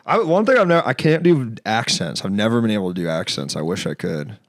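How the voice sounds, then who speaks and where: A man's voice: fairly low pitch, very animated, fast talker. A young man hosting a livestream, chatting casually and animatedly, swearing and laughing often. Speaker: streamer host. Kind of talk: casual chat.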